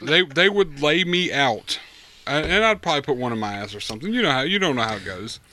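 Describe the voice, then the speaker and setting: A man from the US South co-hosting a podcast, telling crude jokes in a drawn-out way. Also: on the high side, lively intonation, bright, forceful tone, slight background noise. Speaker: podcast co-host. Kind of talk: crude comedic banter.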